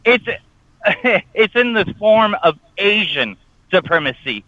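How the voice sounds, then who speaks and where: A man's voice: high-pitched, big pitch swings, slow pace, sharp tone, no echo, lo-fi sound. A man co-hosting a morning radio show, ranting bluntly and profanely in casual banter.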